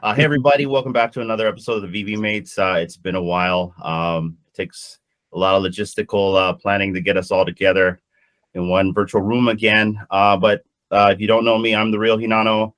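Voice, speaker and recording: A man chatting casually on an online panel, relaxed and halting with many fillers. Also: on the low side. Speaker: podcast panelist. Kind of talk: casual chat.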